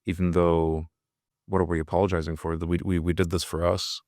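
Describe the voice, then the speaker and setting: Deep voiced guy, pretty monotone, chatting honestly on a podcast, dry close mic. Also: brisk, no echo. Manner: thoughtful, candid, with soft laughs. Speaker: fighter and podcast host. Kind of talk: casual podcast conversation.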